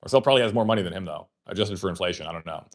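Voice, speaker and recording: A man hosting a livestream speaks rapid-fire in a low, expressive voice as he tells a long, rambling story. It is casual, laden with fillers and profanity, and he acts out the conversations he remembers.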